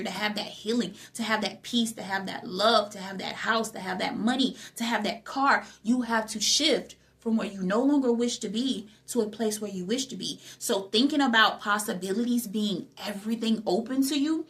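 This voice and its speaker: Bright-voiced woman giving a motivational talk. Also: mid-range voice, normal speed, hardly any pauses. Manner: emphatic, repeats phrases, asks rhetorical questions. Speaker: spiritual motivational speaker.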